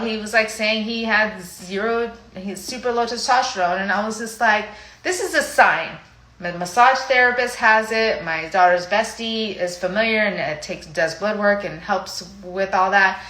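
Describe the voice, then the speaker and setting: A woman's voice: mid-range voice, sharp tone. Chatty emotional woman in an echoey room. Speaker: fitness coach. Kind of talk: casual live video chat.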